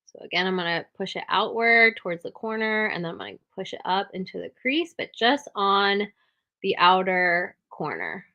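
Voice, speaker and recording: A woman's voice: mid-range voice, animated, moderate pace, lo-fi sound. A woman giving a step-by-step makeup tutorial, talking the viewer through each move and checking in with a frequent "okay?".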